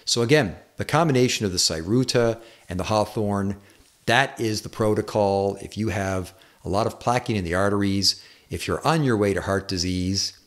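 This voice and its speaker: Middle-aged man, very low voice, casual unscripted explainer with fillers. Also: moderate pace. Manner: relaxed, unscripted, frequent fillers and self-corrections. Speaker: chiropractor giving health advice. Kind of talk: casual explanatory monologue to camera.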